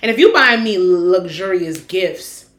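A woman's voice: fairly low pitch, animated, unhurried, fairly bright tone, roomy sound. A woman co-hosting a podcast in casual, blunt chat, swearing freely. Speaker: podcast co-host.

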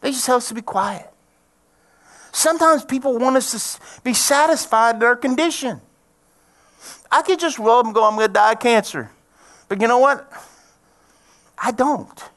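An older man, a pastor preaching a sermon and telling his own testimony, dropping to hushed near-whispers and rising to loud cries. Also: very high voice, moderate pace, pauses often.

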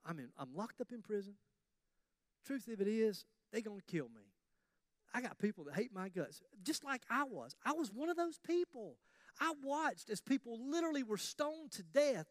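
A preacher acting out a calm apostle in prison, speaking softly and reassuringly in a high voice. The sound is close and dry. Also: male voice, normal speed, dry recording. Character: calm imprisoned apostle, middle-aged man, unafraid.

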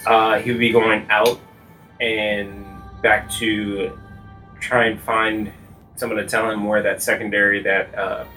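Brief: male tabletop player, crisp and bright, faint music under him. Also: on the low side, flat delivery, a little slow, rough recording. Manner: explains his character's actions in detail. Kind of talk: tabletop role-play chat.

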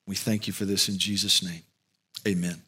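A male pastor giving an earnest sermon and closing prayer, with slow, emphatic pauses. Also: deep voice, level tone, bright, forceful tone, slightly rough.

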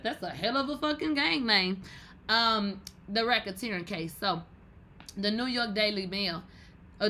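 Woman hosting a podcast, bright sharp voice, cussing and hollering as she riffs. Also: mid-range voice. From Texas. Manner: animated, profane, bursts into loud exclamations. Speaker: podcast host. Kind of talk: casual commentary.

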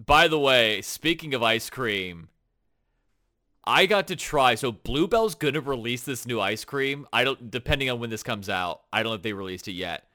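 A man co-hosting a casual podcast, talking in an excitable, animated, teasing way. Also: mid-range voice, normal speed. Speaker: podcast co-host. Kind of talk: casual chat.

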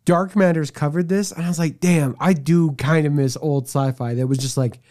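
A man co-hosting a casual podcast chat, animated and joking, often slipping into silly quoted voices. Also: on the high side, moderate pace. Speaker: podcast co-host.

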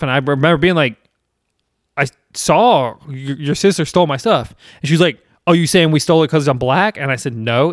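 A man's voice: mid-range voice, no room sound, studio quality. A man in his thirties from South Carolina, hosting a casual chat and telling a rambling, profane story with self-deprecating laughs.

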